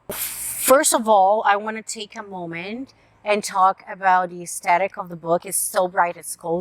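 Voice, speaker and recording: A woman casually reviewing picture books to camera, earnest and openly emotional as she talks. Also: medium pitch. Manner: earnest, emotional, tearful at moments. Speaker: book reviewer. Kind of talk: casual book review vlog.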